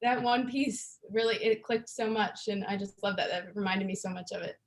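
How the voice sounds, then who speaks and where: A young woman, a guest on a podcast, telling stories in a lively, chatty way with many fillers. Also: mid-range voice, normal speed. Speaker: interview guest. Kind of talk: casual interview chat.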